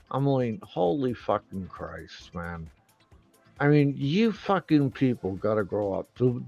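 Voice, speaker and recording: Gravelly man ranting angrily on a stream. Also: mid-range voice, highs cut off. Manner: angry, swearing constantly, loud outbursts. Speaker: live stream host. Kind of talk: profane ranting monologue.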